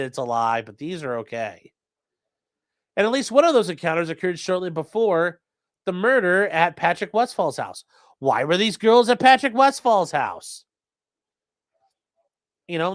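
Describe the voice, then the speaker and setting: Lawyer guy on a livestream, sarcastic, super lively voice, bright and dry. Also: high-pitched, no room sound. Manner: sarcastic, animated. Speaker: attorney and channel host. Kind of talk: livestream legal commentary.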